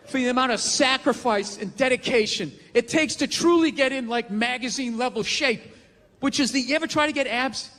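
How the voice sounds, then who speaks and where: Male stand-up comic, profane ranter, high and sharp, shouts his punchlines, live stage reverb. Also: background noise. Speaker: stand-up comedian. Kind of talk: stand-up comedy routine.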